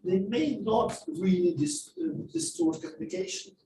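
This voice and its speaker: A man's voice: very high voice, moderate pace, gravelly, reverberant, far from the mic, noisy background. A man giving a masterclass on speaking skills, explaining and acting out examples to a class. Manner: lively, explanatory, acts out examples. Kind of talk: masterclass lecture. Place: classroom or lecture hall.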